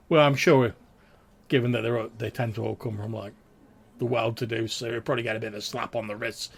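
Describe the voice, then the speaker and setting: A man voicing a loud, officious town guard with a gravelly voice. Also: medium pitch. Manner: loud, blustery, chatty.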